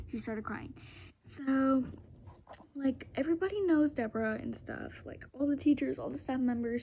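A woman's voice: on the high side, gravelly, warm tone, slight background noise. A teenage girl, rambling through a casual storytime vlog with lots of fillers and restarts, close to a phone camera.

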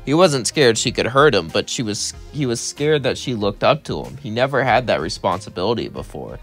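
A man's voice: on the low side, sing-song, a little fast, a bit bright, faint music behind. A young man telling a fan story in a rambling, casual way. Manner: rambling, run-on sentences.

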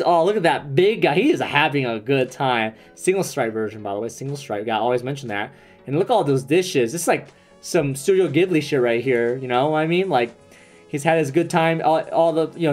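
A young man live-streaming a card pack opening, chatting excitedly with viewers and swearing casually. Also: a little high. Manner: excitable, swearing, quick asides to chat. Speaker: streamer opening trading cards.

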